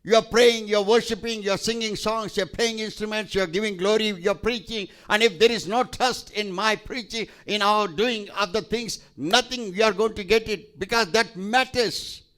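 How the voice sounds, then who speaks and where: High-voiced man preaching emphatically. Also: fairly even intonation, moderate pace, few pauses, a bit bright. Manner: emphatic, repetitive preaching with call-and-response. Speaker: pastor. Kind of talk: sermon.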